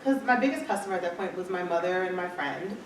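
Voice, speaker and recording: A woman's voice: lowish voice, animated, fast. A woman speaker telling her business story to an audience, acting out quoted dialogue as she goes. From Michigan, USA. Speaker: entrepreneur speaker. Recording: echoey hall, far from mic, faint noise.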